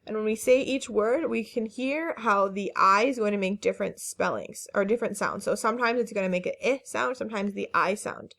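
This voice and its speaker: A woman's voice: mid-range voice, a little fast, vocal fry, hardly any pauses, fairly bright tone. Casting note: woman teacher, patient and encouraging, careful enunciation of each word for young learners. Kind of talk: phonics lesson narration.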